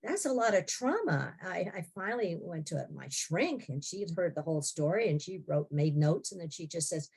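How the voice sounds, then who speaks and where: A woman's voice: fairly low pitch, animated, moderate pace, few pauses, darkish tone, husky. A woman in her sixties, a podcast guest telling her own story in a wry, blunt way with frequent laughs. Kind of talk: candid personal storytelling.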